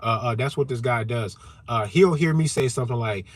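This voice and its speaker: A man hosting a livestream rant from his car, loud and animated, cussing heavily and repeating himself to drive points home. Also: medium pitch, fairly quick, hardly any pauses, slight background noise. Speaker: channel host.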